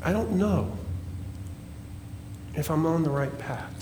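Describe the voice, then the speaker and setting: A male pastor preaching a sermon, emphatic and repetitive, dropping at times to a hushed, pleading tone. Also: fairly high pitch, slow pace, slight background noise. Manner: emphatic preaching with repeated phrases and swings from loud to hushed. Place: church sanctuary. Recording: echoey church hall.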